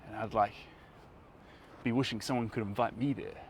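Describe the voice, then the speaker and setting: A man's voice: on the low side, fairly even intonation, normal speed. A man with a New Zealand accent chatting casually to his viewers as he paints, rambling from one thought to the next. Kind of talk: live painting stream chat. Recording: outdoor noise with passing traffic. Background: outdoor ambience and vehicles.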